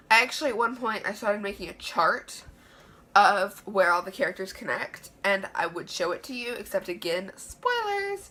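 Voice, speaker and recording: A woman's voice: medium pitch, pushed and bright, slight background noise. A woman giving an enthusiastic, chatty book review in a room lined with books. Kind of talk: casual book review vlog.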